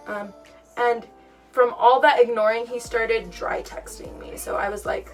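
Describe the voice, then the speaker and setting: A woman's voice: mid-range voice, brisk. A young woman casually telling a storytime on her vlog, acting out what she and others said. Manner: chatty, animated retelling with quoted dialogue. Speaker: vlogger. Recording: far from mic, music behind.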